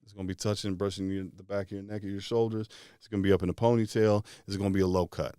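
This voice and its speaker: A man's voice: low voice, little pitch movement, dark tone, smooth, dry recording, clean studio sound. A man guiding a visualization exercise, firing off casual questions one after another. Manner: string of rapid questions, casual phrasing. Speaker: motivational speaker. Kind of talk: guided visualization talk.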